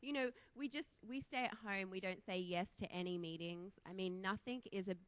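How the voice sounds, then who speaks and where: A woman's voice: medium pitch, normal speed, a bit bright. A woman in her thirties from Australia with an Australian accent, preaching a casual, chatty sermon in a church, laughing often and poking fun at herself.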